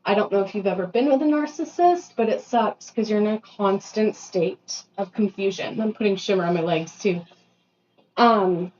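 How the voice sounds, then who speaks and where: A woman in her thirties venting in a casual vlog, ranting and animated with self-deprecating asides while getting ready at home. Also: medium pitch, normal speed, slight background noise. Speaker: vlogger. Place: bathroom at home. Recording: slightly dull lo-fi sound.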